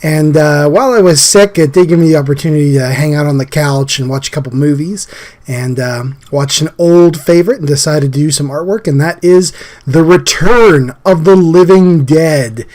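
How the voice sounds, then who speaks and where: A man hosting a casual drawing chat, his voice scratchy and hoarse from a recent illness, talking in an easygoing, chatty way. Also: fairly high pitch, moderate pace, a little mellow. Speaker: host.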